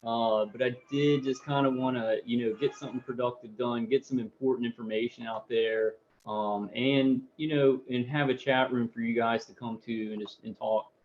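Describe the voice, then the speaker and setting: A man chats through a late-night livestream from home, his voice at an ordinary middle pitch. He talks in a loose, halting ramble, full of fillers, and greets viewers by name as he goes. The sound is dull and lo-fi. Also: steady tone, darkish tone, a little hiss or hum. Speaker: livestream host.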